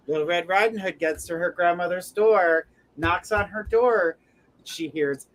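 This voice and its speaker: A woman's voice: lowish voice, measured pace, a little hiss or hum, poor audio. A woman hosting a live stream as a tarot reader, chatting, encouraging viewers and laughing often. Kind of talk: live-stream chat and joke telling.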